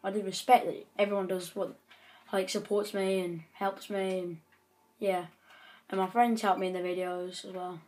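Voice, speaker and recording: A woman's voice: mid-range voice, flat delivery, moderate pace, a little mellow. A woman giving chatty gameplay commentary, breaking into frequent frustrated outbursts. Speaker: gaming channel host.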